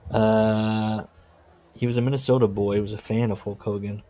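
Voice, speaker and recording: Casting: male podcast co-host, lowish voice, casual chat, reads quotes with wry asides. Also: little pitch movement, moderate pace, mellow. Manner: reads book passages aloud with jokey asides. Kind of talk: casual book-club chat.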